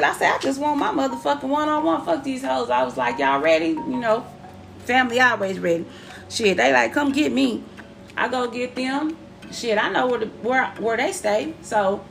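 Gravelly, profane woman telling a story. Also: a little high, a little hiss or hum. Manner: animated, profane, acts out quoted voices. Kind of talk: casual storytelling monologue.

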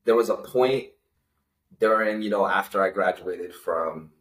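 This interview guest is a Canadian man in his twenties whose voice sits low and moves a little slowly. The audio is poor and roomy, and he shares a personal story in an earnest, emotional manner full of fillers.

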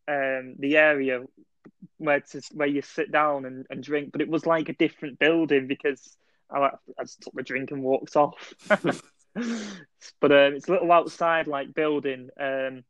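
A young man tells a rambling story in a slightly high voice, full of "like" and "um". The sound is dry and dead, with nothing of the room in it. It is a little dull and lo-fi. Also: flat delivery, moderate pace, fairly bright tone, no room sound. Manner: rambling storyteller with many fillers. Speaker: podcast co-host. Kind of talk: casual chat, telling a dream story.

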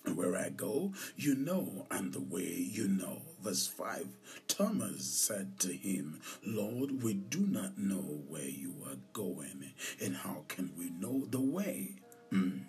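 Male pastor, podcast sermon; deep gravelly voice, slow emphatic delivery, soft music behind. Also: very animated, recorded from a distance. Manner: slow, emphatic, repeats lines, drops to whispers for emphasis.

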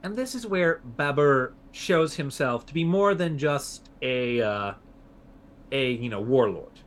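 Animated man telling history. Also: mid-range voice, slow pace. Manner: storytelling with fillers, animated. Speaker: podcast co-host. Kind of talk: casual history podcast chat.

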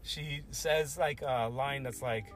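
A man's voice: mid-range voice, takes it slowly, faint music behind. A young man co-hosting a casual podcast chat, slangy and swearing, laughing often. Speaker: podcast co-host.

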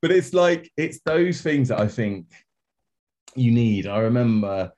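Man telling lively anecdotes. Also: medium pitch, unhurried. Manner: animated anecdotes with quoted voices. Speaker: podcast guest. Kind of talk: casual storytelling.

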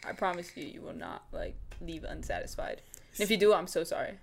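A young woman co-hosting a podcast, chatting casually about films, agreeable and quick to chime in. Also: on the low side, sing-song, gravelly, slight background noise. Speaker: podcast co-host.

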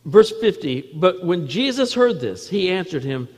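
A man preaching a sermon in earnest, repeating key phrases and dropping to a soft voice at moments. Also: sits high, big pitch swings, a little slow, husky, big-room sound. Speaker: pastor.

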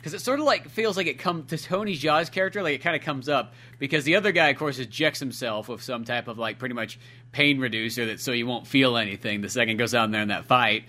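A man's voice: medium pitch, bright, forceful tone. A young man co-hosting a podcast, rambling casually with many fillers and swearing about a movie. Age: young adult. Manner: rambling, filler-heavy, profane. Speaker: podcast co-host. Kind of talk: casual movie-review chat.

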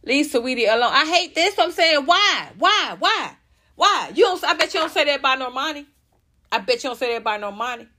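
A young woman tears into her subject in heated reaction commentary. Her voice sits fairly high, and her delivery is profane and scornful. She rants on in a mocking tone. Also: sing-song, a little fast, sharp tone. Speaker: commentary vlogger.

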